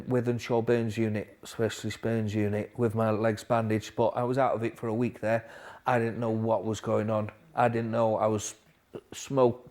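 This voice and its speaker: A man speaks as a podcast guest, with a voice of middling pitch. His story comes out halting and low, full of restarts, and it gets quieter where the story is hardest. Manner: quiet, halting storytelling with restarts, dropping softer at hard moments. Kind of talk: recovery story interview.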